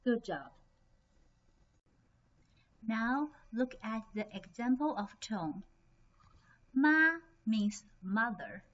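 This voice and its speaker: A woman's voice: a little high, animated, slow, long pauses. A woman teaching a beginner lesson, speaking carefully and demonstrating tones. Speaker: Chinese language teacher. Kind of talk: online language lesson. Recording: slightly dull lo-fi recording.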